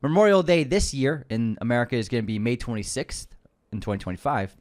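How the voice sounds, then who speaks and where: A man co-hosting a movie news podcast, chatting casually and making quick joking asides. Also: mid-range voice, big pitch swings, a little mellow. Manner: jokey, laughs often, quick asides. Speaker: podcast co-host.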